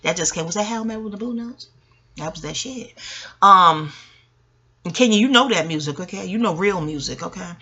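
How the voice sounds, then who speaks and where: A woman's voice: lowish voice, expressive, fairly quick, pushed and bright, slightly rough. A woman giving a casual, rambling review of a reality TV episode, chatty and profane, with frequent asides to the listener. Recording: faint background noise.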